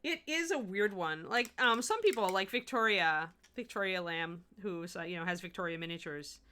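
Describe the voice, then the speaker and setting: While painting on her miniature livestream, a middle-aged woman talks casually in a bright, forceful voice pitched slightly low for a woman, at normal speed. There's a little hiss or hum in the audio, and she thinks aloud in her studio, animated and self-correcting.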